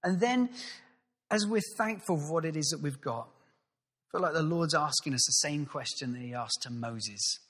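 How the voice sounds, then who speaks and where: A male pastor giving a sermon, telling the story with lively acted-out voices. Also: fairly high pitch, moderate pace, husky, in a large hall. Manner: animated storytelling, acts out voices.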